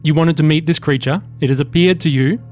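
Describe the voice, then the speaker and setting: A man narrating as game master, giving calm rulings with dry humor. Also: a little high, a little fast, soft background music.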